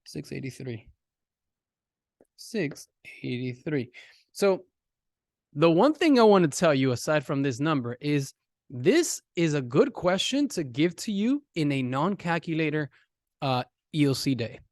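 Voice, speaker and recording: Animated man teaching a math lesson. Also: fairly high pitch, moderate pace, dry recording, studio quality. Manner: animated, talks directly to students. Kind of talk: casual classroom lesson.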